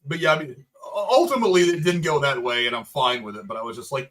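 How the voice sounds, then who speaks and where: A man's voice: medium pitch, fast talker, hardly any pauses, a bit bright. A man chatting casually as a podcast co-host, opinionated and easily aggravated as he tells stories. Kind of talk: casual chat.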